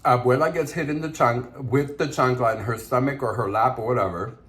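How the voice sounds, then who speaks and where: A man's voice: mid-range voice, fairly even intonation, brisk, fairly bright tone. Chatty man eating while telling stories. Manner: chatty, laughing, mixes in Spanish words. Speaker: mukbang vlogger. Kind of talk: casual story time while eating.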